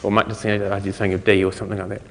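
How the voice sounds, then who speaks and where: A man's voice: lowish voice, level tone, very fast, vocal fry, fairly bright tone. A man giving a technical conference talk, explaining ideas in a loose, conversational way, recorded in a conference hall. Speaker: conference speaker. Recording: long hall reverb.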